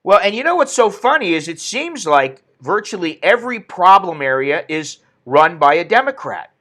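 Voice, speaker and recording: A man's voice: sits high, big pitch swings, normal speed, a bit bright. A man hosting an opinionated commentary stream, ranting indignantly and reading viewer comments aloud. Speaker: political commentary host.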